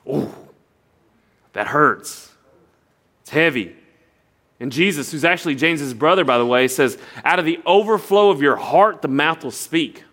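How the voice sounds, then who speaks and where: Earnest pastor preaching. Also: male voice, a little high, moderate pace. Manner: storytelling, animated impressions of others, earnest. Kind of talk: sermon.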